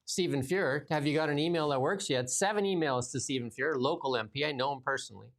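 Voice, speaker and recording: A man's voice: a little high, fast. Sarcastic man hosting commentary. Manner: sarcastic, mocking, reads out news and riffs on it. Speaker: podcast host. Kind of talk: casual political commentary.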